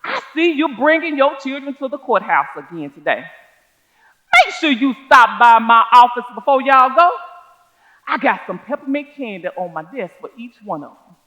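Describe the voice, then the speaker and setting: A woman's voice: on the high side, very animated, normal speed, fairly bright tone. A woman doing a genial judge. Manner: cordial, easygoing. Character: friendly, genial older Southern judge.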